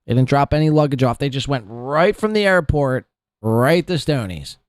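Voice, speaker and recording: A podcast host with a medium-pitched, lively voice speaks at normal speed, recorded in studio quality with no echo. His commentary is a rant: profane, scornful, and rambling about the people he covers.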